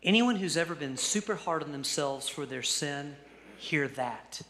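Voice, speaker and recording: Bright high-voiced preaching man in a reverberant hall. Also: animated, a little hiss or hum. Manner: earnest preaching, reads scripture slowly and softly, then speeds up with asides. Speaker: pastor. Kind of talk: sermon.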